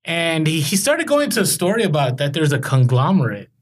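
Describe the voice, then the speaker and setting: A man hosting a casual podcast, telling animated, rambling stories about reselling. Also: a little high, fairly quick.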